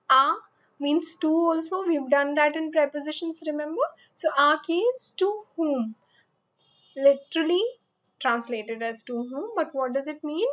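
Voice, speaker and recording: A woman's voice: high voice, fairly bright tone, dull audio. A woman teaching a French lesson in English, explaining patiently and encouraging her students with simple repeated examples. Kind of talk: online language lesson.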